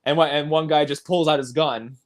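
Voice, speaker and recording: A man's voice: a little high, steady tone, a little fast. A man hosting a casual film discussion podcast, eagerly recapping scenes and often laughing. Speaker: podcast host.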